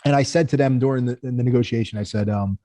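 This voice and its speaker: A man's voice: medium pitch, fast talker, warm tone, no echo. A man, a company founder, tells stories in a casual interview, acting out the people he quotes in raised voices.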